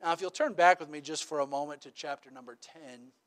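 Fairly quick and a little high in pitch, this pastor keeps his sermon casual, using rhetorical "right?" questions to check in and sharing animated, funny stories.

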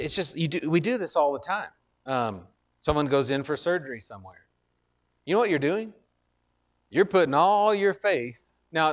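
A man pastor preaching a sermon in an earnest, conversational way, repeating key phrases and restarting his sentences. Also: a little high. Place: church.

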